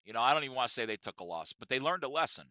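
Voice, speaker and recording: A man hosting a podcast, telling a profane comic story in an animated, conversational way, in a dry, dull lo-fi recording. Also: mid-range voice, rapid-fire, no echo. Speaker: podcast host.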